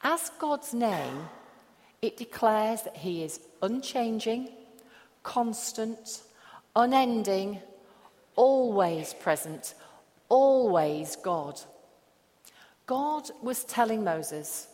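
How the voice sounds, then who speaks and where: A woman pastor preaching a sermon, slow and emphatic with long pauses. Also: fairly high pitch, lively intonation, darkish tone. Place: church hall. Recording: echoey hall.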